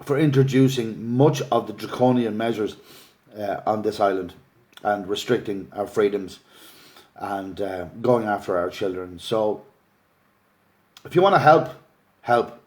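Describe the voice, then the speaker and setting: A middle-aged Irish father and activist makes an earnest, pleading appeal on a phone or laptop livestream, growing emotional as he speaks. His voice is lowish, his pace measured, and he pauses often.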